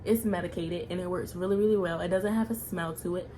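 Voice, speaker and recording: A young woman chats into her camera at home in a loose, rambling vlog style, leaning on "like" and "y'all". Her voice sits fairly low. A faint hiss runs under the recording. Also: fairly even intonation, fast talker. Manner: chatty, frequent "like" and "y'all" fillers. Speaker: vlogger. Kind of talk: casual vlog chat.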